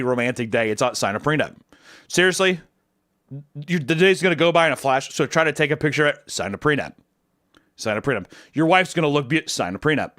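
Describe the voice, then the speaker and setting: Lively young man chatting crudely with chat. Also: no room sound, studio quality. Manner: crude, jokey, swings between loud bursts and low mumbles. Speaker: streamer answering chat. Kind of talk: casual livestream chat.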